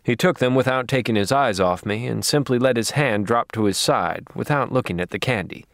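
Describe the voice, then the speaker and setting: Guy reading an audiobook, dry deadpan wit, mid pitch, no room sound. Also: a little fast, dry recording. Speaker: narrator. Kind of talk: audiobook narration.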